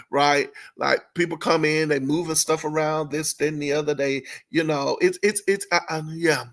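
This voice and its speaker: A man's voice: fairly high pitch, fairly even intonation, measured pace, a bit bright. A man hosting a casual commentary channel, chatty and full of fillers and self-corrections, often breaking into amused laughter. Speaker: entertainment commentary host.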